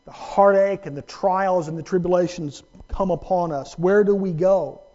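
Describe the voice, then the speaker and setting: High-voiced preacher swinging from hush to shout. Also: male voice, moderate pace, dull audio. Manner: dramatic preaching, swings from hushed to loud and high-pitched. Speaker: pastor. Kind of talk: sermon. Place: church sanctuary.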